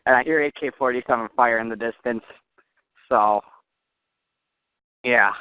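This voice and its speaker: A man's voice: medium pitch, measured pace, clean tone, no room sound. A man hosting a joking call-in comedy show, mock-serious and teasing, with a cold. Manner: mock-serious, teasing, laughs at his own jokes. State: has a cold. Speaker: host. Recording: tinny, dry phone-line audio.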